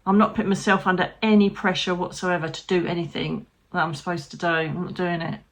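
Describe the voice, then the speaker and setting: A woman's voice: fairly low pitch, level tone, a little fast. Candid British woman speaking heartfelt to camera. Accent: British English. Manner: heartfelt and candid, with frank swearing and light humour. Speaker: psychic medium. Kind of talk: personal vlog talking to camera.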